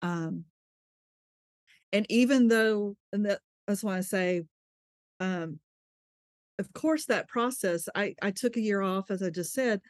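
A woman's voice: mid-range voice, slow pace, pauses often, no room sound. A woman speaks as an interview guest, telling her story openly. She laughs easily and trails off to restart her thoughts. The recording is dry and close. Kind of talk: candid conversational storytelling.

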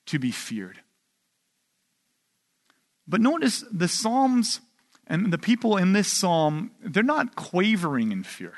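Brief: male pastor with a high voice, casual and emphatic sermon delivery, punctuated by rhetorical asides. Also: a bit bright. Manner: emphatic, conversational preaching with rhetorical "right?".

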